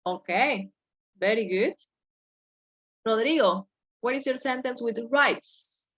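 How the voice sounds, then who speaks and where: A woman's voice: a little high, takes it slowly, muffled recording. A woman teaching an English class over a video call, patiently correcting her students step by step.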